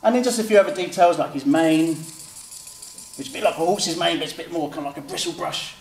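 A man's voice: a little high, fast talker, vocal fry, darkish tone. A man, an author and illustrator, chatting through a step-by-step drawing demonstration and acting out children's replies. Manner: chatty, explains step by step, acts out kids' replies. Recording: roomy sound, mic at a distance, faint background noise.

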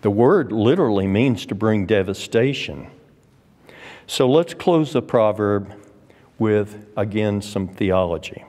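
A man's voice: fairly low pitch, expressive, slow pace, a little mellow. Emphatic man teaching in a reverberant church. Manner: emphatic, repeats phrases, quotes scripture. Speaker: Sunday school teacher. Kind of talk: Bible class teaching. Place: church classroom.

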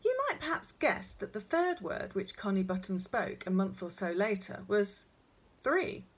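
A woman's voice: medium pitch, sing-song, moderate pace, breathy edge. A woman reading a children's story aloud, chatting directly to young listeners.

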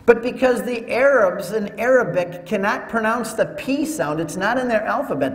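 A man giving a teaching talk to an audience, telling it as an animated story with joking asides. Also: high voice, slight background noise. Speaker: Catholic speaker. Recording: echoey hall with long reverb.

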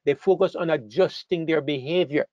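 Man preaching a sermon, fairly high voice, gets loud and emphatic on big points, dry muffled audio. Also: normal speed, no echo. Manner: emphatic, rising sharply in pitch and volume on key phrases, with frequent restarts.

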